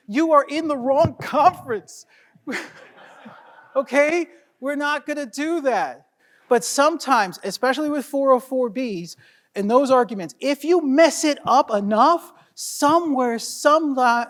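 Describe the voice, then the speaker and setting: High-pitched man giving a lively lecture. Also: big-room sound. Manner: lively and conversational, with frequent "right?" tag questions; blunt, with casual swearing. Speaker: criminal defense lawyer presenting to peers. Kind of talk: conference lecture. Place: conference room before an audience.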